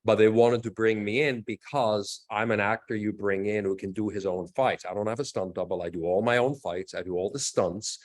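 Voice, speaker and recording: A middle-aged man speaking in a fairly low voice as an interview guest. He tells his stories with energy and jumps into other people's lines as he quotes them. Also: moderate pace, few pauses. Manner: animated storyteller, acts out quotes. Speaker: actor and fight coordinator guest. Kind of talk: casual interview storytelling.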